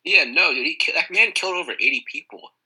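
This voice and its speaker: A man co-hosting a comedy podcast with a raspy, gravelly voice and a bright, forceful edge. His pitch swings widely as he jokes around. He talks in laid-back banter, with lots of "dude" and "bro.". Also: animated, fast talker, low-quality recording. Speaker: podcast co-host.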